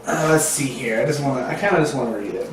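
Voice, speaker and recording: A man's voice: medium pitch, fast talker, background noise. A man chatting as a player at a tabletop game, laughing often and restarting his sentences. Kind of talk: casual tabletop game chat. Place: home room, filmed on camera. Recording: echoey room from a distant mic.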